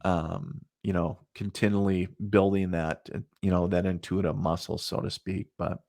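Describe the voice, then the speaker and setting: A man's voice: low-pitched, flat delivery, normal speed, creaky, darkish tone, dry recording, clean studio sound. A middle-aged man, a psychic medium, chatting as a podcast guest and telling rambling stories full of fillers. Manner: rambling, many fillers, laughs at his own stories. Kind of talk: casual storytelling in a podcast interview.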